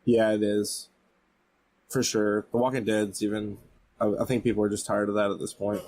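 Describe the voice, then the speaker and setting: A man with a fairly low voice talks easily as a podcast co-host. He recaps events at length and leans on fillers like "like" and "um". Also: normal speed, slight background noise. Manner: relaxed storyteller, recaps with many fillers. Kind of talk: casual chat.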